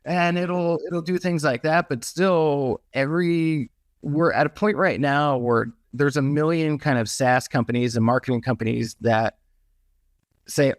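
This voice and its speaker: A man with a slightly high voice speaks at a measured pace on a dry, clean studio recording. He is a podcast guest who owns a merch business, talking loosely and conversationally with many restarts and hedges.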